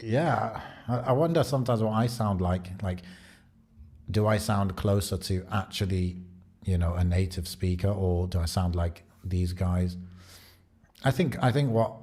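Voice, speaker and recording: A man's voice: low voice, unhurried, darkish tone, slightly rough. A man with a British accent chatting casually on a podcast, rambling and thinking aloud with many fillers. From Britain. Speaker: podcast co-host.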